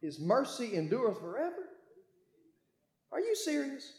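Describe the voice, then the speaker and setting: A man preaching a sermon, reading scripture aloud and calling his congregation to read along, with bursts of shouting. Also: very high voice, sing-song, a little slow, echoey room. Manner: call-and-response, urging the congregation to read along. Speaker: pastor.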